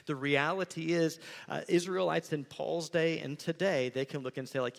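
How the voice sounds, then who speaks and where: Animated preacher in a reverberant hall. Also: male voice, fairly high pitch, normal speed, gravelly, hardly any pauses. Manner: animated, conversational preaching with acted-out asides. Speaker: pastor. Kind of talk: sermon.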